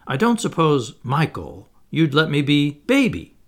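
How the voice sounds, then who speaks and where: A man's voice: fairly high pitch, wildly swooping pitch, a little slow, pitched above the performer's own voice, heavily acted. A man voicing a humble, timid little boy who speaks diffidently and keeps going on. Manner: diffident, plodding on.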